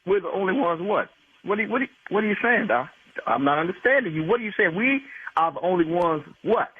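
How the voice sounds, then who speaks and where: A man's voice: high-pitched, animated, fast, slight background noise. A man on a prank call, indignantly defending his wife and repeating the caller's words back in disbelief. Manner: indignant, protective, repeats phrases back angrily. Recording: tinny phone line.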